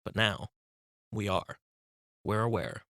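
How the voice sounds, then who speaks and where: A man narrating a self-help audiobook as a meditation guide, giving calm, instructive breathing cues close to the mic. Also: lowish voice, slow pace, vocal fry, no echo.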